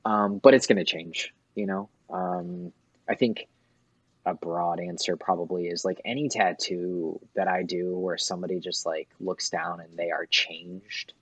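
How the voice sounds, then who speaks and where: A man's voice: deep voice, fairly even intonation, measured pace, a bit bright, husky, no echo. A man, a tattoo artist, talking casually as a guest and swearing freely. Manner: laid-back, swears freely. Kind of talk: casual chat.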